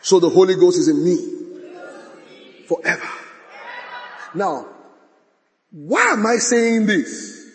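A man preaching a sermon, swinging from bold declarations to hushed asides and reciting scripture. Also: sits high, lively intonation, slow pace, pauses often. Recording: long hall reverb.

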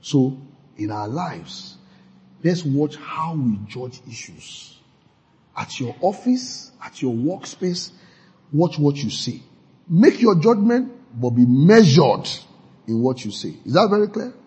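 A man preaching a sermon as a pastor. He swings suddenly between loud and soft, acts out quoted gossip and repeats lines for emphasis. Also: on the high side, very animated, takes it slowly, breathy edge. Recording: dull lo-fi recording.

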